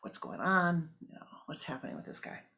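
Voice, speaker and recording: A woman's voice: low voice, fairly quick, pushed and bright. Frustrated young woman student, played by the narrator, indignant, venting inner monologue. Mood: doubtful.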